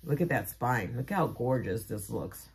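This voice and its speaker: Low-voiced woman gushing over craft mail. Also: lively intonation, a little slow. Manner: gushing, exclamatory, repeats phrases; swings between soft murmurs and loud squeals. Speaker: crafting vlogger. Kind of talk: casual unboxing chat to camera.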